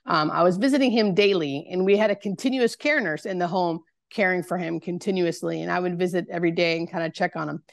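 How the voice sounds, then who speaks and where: A woman, a hospice nurse, telling a personal story in a podcast interview, halting and searching for words with many fillers. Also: on the low side, vocal fry, no room sound, studio quality.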